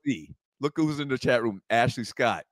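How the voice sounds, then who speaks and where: A man's voice: medium pitch, animated, normal speed, no room sound. A man co-hosting a casual talk show from a bar, joking and reading sponsor promos and chat messages. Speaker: co-host.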